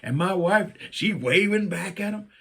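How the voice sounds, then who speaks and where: A middle-aged man from Virginia, telling a personal story and acting out his own lines with big jumps up in pitch. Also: measured pace, gravelly, breathy edge. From Virginia, USA. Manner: animated, jumps up in pitch when quoting himself.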